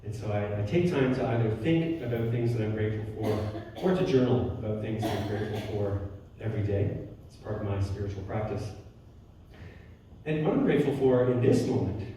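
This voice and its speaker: A man giving a spiritual talk as a guest speaker, telling personal stories warmly, with frequent restarts and soft laughs. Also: on the low side, a little fast, slight background noise. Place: church hall. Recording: roomy hall from far off.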